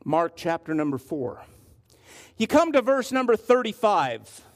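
Male pastor, high voice, emphatic sermon delivery with slow stressed words. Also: big pitch swings.

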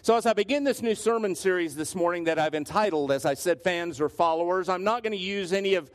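A man's voice: high voice, fast. A male pastor preaching a sermon, telling stories and often restarting his phrases. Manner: storytelling with frequent restarts.

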